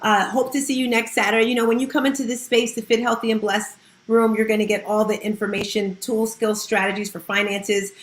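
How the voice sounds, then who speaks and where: A woman's voice: mid-range voice, level tone, fairly quick, reverberant. A woman hosting a casual online audio room, upbeat and chatty, laughing often. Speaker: host.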